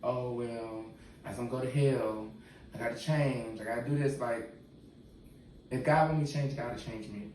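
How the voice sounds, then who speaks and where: A man's voice: mid-range voice, moderate pace, darkish tone. A man, a podcast guest, talking candidly in casual slang. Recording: echoey room, distant mic, faint noise.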